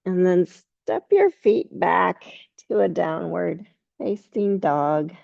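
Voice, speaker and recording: A woman teaching a yoga class, giving slow, calm cues with soft laughs between poses. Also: on the low side, vocal fry, no room sound, phone-quality sound. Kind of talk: guided yoga class instruction.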